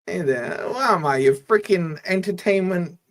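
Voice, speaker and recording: A man's voice: high voice, lively intonation, moderate pace. A man born in Scotland hosting a live football watch-along, giving casual play-by-play and bantering with his chat. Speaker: fan channel host.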